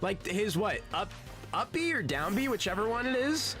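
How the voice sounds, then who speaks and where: A man's voice: high voice, sing-song, moderate pace, pushed and bright, faint music behind. A man streaming a game and chatting casually, rambling and laid-back, often saying "dude" and swearing. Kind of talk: casual gaming stream chat.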